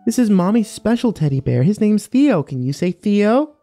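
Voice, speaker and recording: A man's voice: high-pitched, sing-song, moderate pace, dark tone, soft background music, voice pushed up. A man voicing a tender young mother who talks to her toddler in a sing-song, cooing way.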